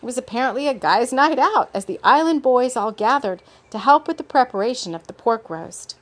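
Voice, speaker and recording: A woman reading her own story aloud in a relaxed way, stopping now and then for unscripted asides. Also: a little high. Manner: relaxed, with off-script asides and laughs.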